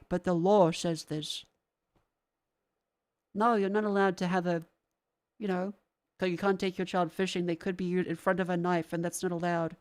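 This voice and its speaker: A young adult woman, ranting to her stream chat in a heated, sarcastic way, swearing often and sounding congested from a sinus infection. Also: mid-range voice.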